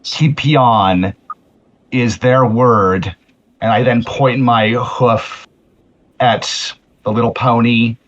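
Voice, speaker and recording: A man playing a tabletop role-playing game who talks deliberately, restarting his sentences. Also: medium pitch, fairly even intonation, muffled recording. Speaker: player. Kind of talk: tabletop role-play, in and out of character.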